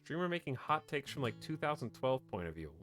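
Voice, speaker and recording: A man's voice: mid-range voice, very animated, fairly quick, a bit bright, faint music behind. A man streaming and chatting casually, giving rambling, opinionated takes full of fillers and restarts.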